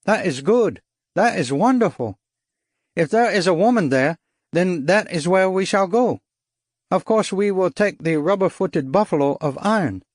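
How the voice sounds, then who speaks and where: A man voicing an excitable male jungle guide who speaks in halting, formal phrases in an audiobook. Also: sits high, dry recording, clean studio sound, voice pushed up. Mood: delighted. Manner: exclaiming, halting formal speech. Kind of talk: audiobook character voice.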